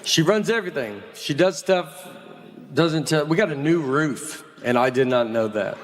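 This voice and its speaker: A man in his forties does stand-up in a large theater at a moderate pace, telling stories in a dry, deadpan style that climbs into exasperated, high-pitched rants. The live recording carries long hall reverb, a noisy background, and audience laughter.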